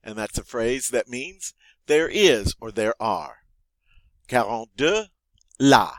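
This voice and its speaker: A man's voice: medium pitch, animated, a little slow, vocal fry, a bit bright, no room sound. A man, teaching French vocabulary, saying each word twice and then explaining it. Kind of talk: vocabulary lesson.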